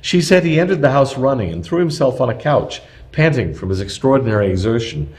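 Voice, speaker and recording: A man narrating a nonfiction history text aloud, reading at a measured, even pace. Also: medium pitch.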